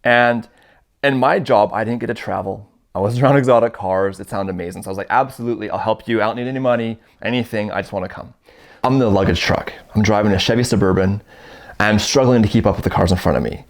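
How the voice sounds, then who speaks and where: This fast-talking guest is a Canadian man in his thirties with a somewhat low, fry-tinged voice. He tells a casual first-person story with lots of energy, voicing each person's dialogue himself.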